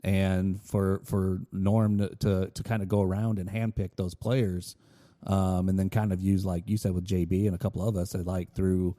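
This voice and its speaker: A man guesting on a podcast, reminiscing in a relaxed, casual way. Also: low voice, normal speed. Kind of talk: casual chat.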